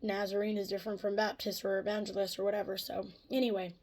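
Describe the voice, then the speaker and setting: A woman's voice: medium pitch, little pitch movement, fast talker, a little mellow. A woman vlogger in a casual confessional talk, candid and rambling, swearing freely and laughing between thoughts.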